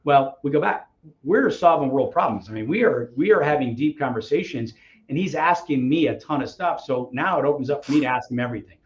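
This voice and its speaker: A man as a podcast guest, telling a story in a casual, animated way and acting out the dialogue. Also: mid-range voice, brisk. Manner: animated, acts out quoted dialogue. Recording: slightly muffled audio.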